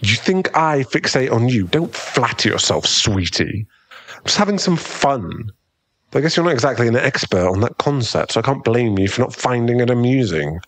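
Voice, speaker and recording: A man's voice: medium pitch, sing-song, moderate pace, fairly bright tone. A man voicing a cocky, mocking young male bully in a whispered role-play, with a smug, drawling manner close to the mic. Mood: teasing. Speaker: ASMR roleplay performer.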